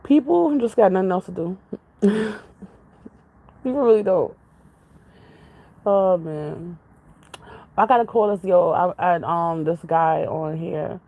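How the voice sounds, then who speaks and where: A woman's voice: on the low side, slow, long pauses, dark tone, poor audio. A woman vlogger in casual, rambling chat with her viewers, jumping from topic to topic. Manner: jumps from topic to topic, chatty, laughs often.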